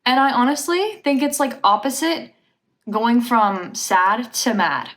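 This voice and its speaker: A woman's voice: a little high, a little slow, fairly bright tone. A woman reviewing an album for her vlog in casual chat, gushing and dropping "like" into almost every sentence. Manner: gushing, filler-heavy talk with lots of "like". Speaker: music reaction vlogger.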